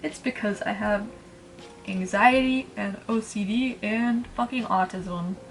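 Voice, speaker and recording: A beauty vlogger in her twenties chats casually at home while doing her makeup, in a get-ready-with-me style. Her voice sits in the mid range and she takes her time, rambling, blunt, and swearing freely.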